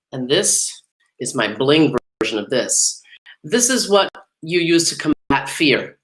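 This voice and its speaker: A woman's voice: lowish voice, a bit bright, slight background noise. A middle-aged woman hosting a podcast in an upbeat, chatty way, laughing often. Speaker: podcast host. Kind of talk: casual podcast talk.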